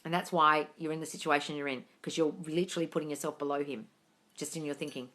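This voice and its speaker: A woman's voice: low-pitched, steady tone, fast talker, fairly bright tone. A woman hosting a casual live question-and-answer stream, reading out comments and giving blunt, swear-heavy advice. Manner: blunt, swears freely, mocks gushing with squealing impressions; reads viewer comments aloud. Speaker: manifesting coach answering live chat questions. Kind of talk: casual livestream Q&A. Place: home livestream. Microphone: phone.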